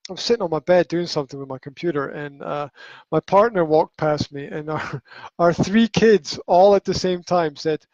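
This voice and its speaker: A man in a casual live podcast chat, his voice a touch higher than usual. He talks emphatically, swears freely and restarts sentences often, recorded close and dry on a dull, lo-fi livestream feed. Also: moderate pace, a little mellow, no echo. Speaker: podcast host.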